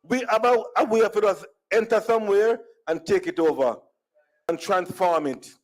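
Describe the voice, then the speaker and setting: A Jamaican man with a somewhat high voice tells stories for laughs, moving easily between standard English and Jamaican Creole turns of phrase. He speaks as a conference speaker with a Jamaican accent. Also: normal speed. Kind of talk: humorous storytelling speech. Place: conference hall.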